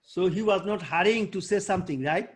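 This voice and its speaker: A man teaching an online debate workshop over a video call. He coaches and quizzes students by name, and he often pauses and searches for words with fillers. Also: sits high.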